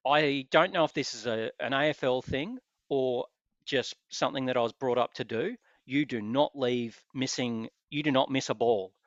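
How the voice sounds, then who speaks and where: A man's voice: mid-range voice, normal speed, no echo, dull audio. A man with an Australian accent hosting a casual chat, telling stories with hesitant restarts. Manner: animated storyteller with hesitant restarts. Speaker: podcast host.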